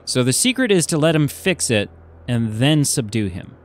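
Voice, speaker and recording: A man's voice: mid-range voice, sing-song, moderate pace. A young man giving casual, jokey commentary while playing a video game, talking to himself as he goes. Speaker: gaming YouTuber. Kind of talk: casual let's play commentary.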